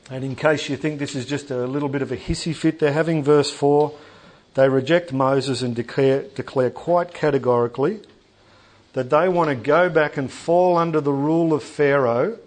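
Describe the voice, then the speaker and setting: A man preaching a sermon in a church hall. His delivery is animated and conversational, with asides and jokes to the congregation. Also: fairly high pitch, normal speed.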